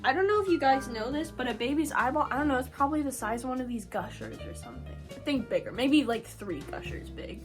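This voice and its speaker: A woman's voice: sits high, lively intonation, quick pace, few pauses, soft background music. Giggly young woman vlogger rambling. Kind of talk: casual reaction commentary.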